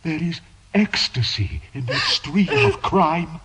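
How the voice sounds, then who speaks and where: An actor playing a tormented, obsessive priest in a radio drama, pleading and anguished, swinging between hushed murmurs and shouts. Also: male voice, a little high, animated, takes it slowly, slightly rough, heavily acted, poor audio. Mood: anguished confession. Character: tormented obsessive male priest, middle-aged.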